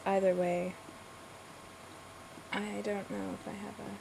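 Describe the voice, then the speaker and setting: A woman's voice: mid-range voice, flat delivery, vocal fry, warm tone, a little hiss or hum, poor audio. A woman reading a word list aloud in casual talk and stopping to explain how she says each word. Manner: slow, thoughtful, breaks off to explain her pronunciation. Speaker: accent word-list reader.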